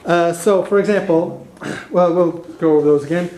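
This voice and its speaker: A man's voice: high-pitched, fairly even intonation, normal speed, a little mellow. A man teaching a beginner language class, explaining patiently with fillers and restarts. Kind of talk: classroom lesson. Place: classroom in a cultural center. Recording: echoey classroom recording.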